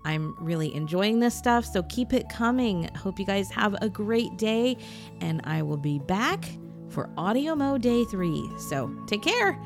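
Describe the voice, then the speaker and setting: Chatty woman telling a lively story. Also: mid-range voice, unhurried, music in the background. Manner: chatty, animated, laughs often. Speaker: audio blogger. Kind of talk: casual spoken storytelling.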